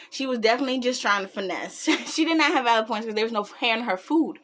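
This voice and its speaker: A young woman telling a funny story in a casual storytime, animated and laughing often. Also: medium pitch.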